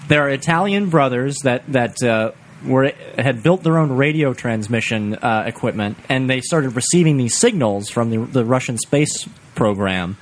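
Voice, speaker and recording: A man hosting a casual comedy podcast, animated and laughing often as he explains things at length. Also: medium pitch, normal speed, a little hiss or hum. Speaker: podcast host.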